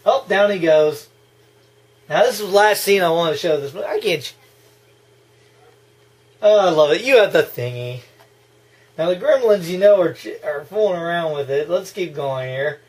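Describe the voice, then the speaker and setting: A man giving casual, excitable movie reaction commentary, gushing and breaking into laughs and yells. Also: a little high, moderate pace, pauses often.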